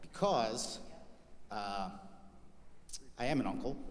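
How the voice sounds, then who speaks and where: A man in his forties doing live stand-up comedy on stage, telling self-deprecating stories in an animated way into a handheld mic. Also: medium pitch. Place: stage before a live audience. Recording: long reverb of a live venue.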